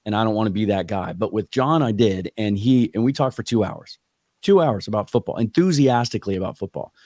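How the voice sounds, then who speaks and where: A man hosting an interview podcast, telling a story in a quick, friendly manner. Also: fairly low pitch, animated, darkish tone, dry recording, clean studio sound. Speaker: podcast host. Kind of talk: casual interview chat.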